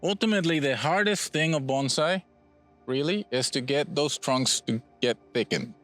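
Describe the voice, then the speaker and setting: A man from Puerto Rico, a bonsai nursery owner, casually explaining his trees in a relaxed, rambling way with frequent restarts outdoors at his nursery. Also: a little high, normal speed, faint music behind.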